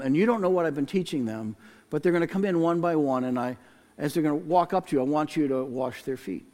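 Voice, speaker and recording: A late middle-aged man preaching a sermon and telling a personal story in an earnest, reflective way, often dropping to a soft hush. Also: fairly high pitch. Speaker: pastor. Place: large church sanctuary. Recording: long hall reverb in a church.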